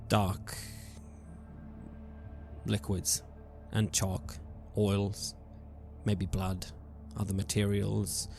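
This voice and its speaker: Slow, low-voiced man narrating a horror game. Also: gravelly. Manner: slow, hushed descriptive narration with hesitations. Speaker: game master.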